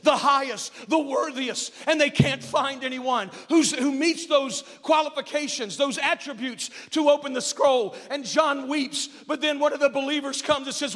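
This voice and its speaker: Pastor guy preaching hard, really high voice, big church echo. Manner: emphatic preaching, rising to shouts on key phrases; drops to soft, hushed asides. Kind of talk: sermon. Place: church sanctuary. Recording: long hall reverb.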